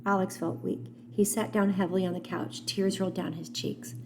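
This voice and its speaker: A woman narrating an audiobook in a calm, steady storytelling manner. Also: mid-range voice, normal speed, background noise.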